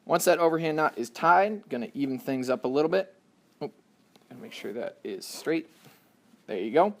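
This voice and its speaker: A young man casually explaining a hands-on stringing job step by step, chatty and relaxed, with self-deprecating asides. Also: on the high side, normal speed, creaky. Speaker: lacrosse stringing instructor. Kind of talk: casual how-to tutorial.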